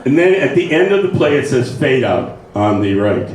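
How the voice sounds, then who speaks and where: In an echoey room with faint noise and crowd sounds, a man leads a writing workshop, his mid-range voice swinging widely in pitch at a moderate pace. He lectures informally and keeps checking in with his listeners, and the mic sits far away.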